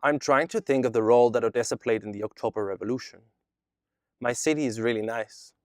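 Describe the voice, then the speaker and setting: A man reading aloud the lines of a chatbot that poses as a Jewish boy from Odessa, in a flat, evenly read delivery. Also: mid-range voice, fairly quick, no echo, studio quality, lightly acted. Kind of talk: reading a chat transcript aloud.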